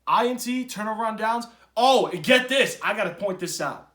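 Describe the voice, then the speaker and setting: A man with a high voice hosts a casual sports podcast. He rants bluntly, jumping from loud outbursts to low grumbling asides. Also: animated, fast. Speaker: podcast host. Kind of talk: casual opinionated sports talk.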